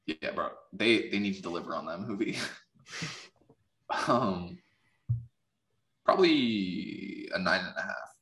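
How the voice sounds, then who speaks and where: A man's voice: low voice, takes it slowly, long pauses, roomy sound. A man as a guest on a podcast, talking casually and laughing easily. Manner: relaxed, easygoing, laughs often.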